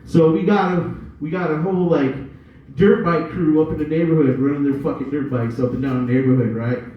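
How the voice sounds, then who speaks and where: A man's voice: on the high side, steady tone, fairly quick. A man doing a loose, rambling stand-up set, telling stories with plenty of cursing. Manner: rambling, profane, loose storytelling. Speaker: stand-up comedian. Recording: echoey room from far off, dull.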